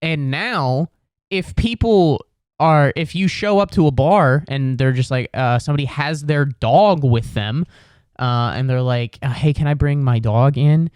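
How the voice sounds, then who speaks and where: A man's voice: medium pitch, a little slow, darkish tone, clear, resonant tone, no room sound, studio quality. A young man hosting a comedy podcast, ranting in an exasperated, sarcastic way, swearing and slipping into put-on voices. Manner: jumps into put-on voices for quoted people. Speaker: podcast host. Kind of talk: comedic rant.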